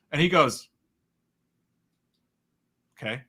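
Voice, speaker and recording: Male co-host, casual stream chat, very bright edgy tone, animated storyteller. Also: medium pitch, unhurried, pauses often. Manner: animated storyteller who acts out the people in his stories. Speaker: podcast co-host.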